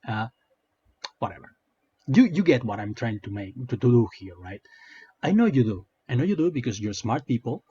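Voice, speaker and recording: Brief: male online commentator, sarcastic rambling rant, slightly breathy voice, muffled lo-fi home recording. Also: medium pitch, warm tone. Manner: hesitant, filler-heavy, sarcastic. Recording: dull lo-fi sound.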